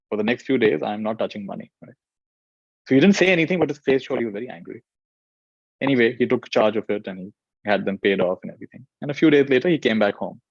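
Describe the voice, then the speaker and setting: A man teaching meditation, telling a story in a gentle, unhurried way with frequent fillers. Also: mid-range voice, creaky, dry recording, highs cut off. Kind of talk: storytelling dharma talk.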